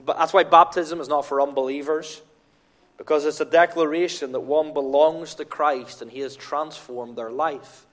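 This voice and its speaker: A man's voice: on the high side, steady tone, moderate pace, fairly bright tone. A man preaching a sermon at a baptism service in church, earnest and emphatic, repeating his key phrases. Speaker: pastor.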